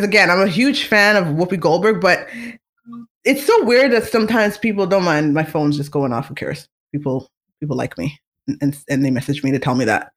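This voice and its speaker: Gossiping loosely about famous people, this chatty podcast host laughs readily and keeps stumbling into fillers and restarts. Her or his mid-range voice moves along fairly quickly.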